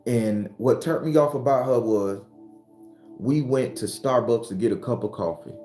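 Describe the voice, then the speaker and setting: A man's voice: medium pitch, normal speed. A man who hosts his own spiritual channel, giving a blunt, profane, impassioned motivational monologue. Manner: blunt, profane, preachy, rising to shouts when retelling arguments. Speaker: spiritual advisor and channel host. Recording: roomy recording with faint background music.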